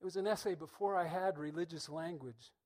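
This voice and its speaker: A man's voice: a little high, steady tone, darkish tone. Reflective middle-aged man preaching a sermon. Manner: thoughtful, measured, with pauses.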